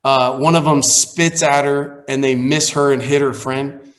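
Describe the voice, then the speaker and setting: A man's voice: medium pitch, a little slow. A man in his forties, a pastor, telling a personal story on a call in a candid, conversational way that turns heated. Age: 40s. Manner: candid, grows heated and animated while recounting. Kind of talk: casual storytelling on a training call.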